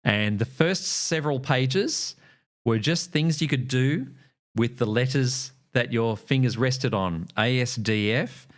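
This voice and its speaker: A man's voice: medium pitch, a little slow. An Australian man streaming, chatting casually and telling a meandering story full of ums and uhs.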